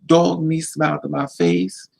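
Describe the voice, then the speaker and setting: A man vlogging life advice, hammering his points home through repetition. His voice is gravelly and a little husky, and it sits fairly high for a man. The delivery stays casual but has the insistence of a sermon. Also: flat delivery, measured pace, a little mellow, poor audio. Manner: emphatic, repetitive, preachy. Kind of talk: casual advice monologue to camera.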